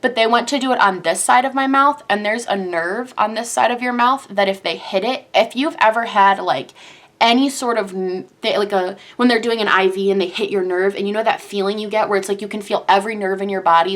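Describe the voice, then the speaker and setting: A woman's voice: medium pitch, fairly quick, fairly bright tone. Dramatic young woman telling a storytime. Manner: dramatic, breathless retelling, heavy use of "like". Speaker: vlogger. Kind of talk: storytime vlog.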